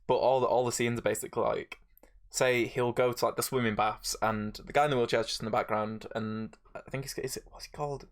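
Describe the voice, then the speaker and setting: A man's voice: mid-range voice, fairly even intonation, fast talker. A young man co-hosting a podcast, rambling and swearing casually. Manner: rambling, sweary, often laughing, acts out quotes. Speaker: podcast co-host. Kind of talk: casual chat.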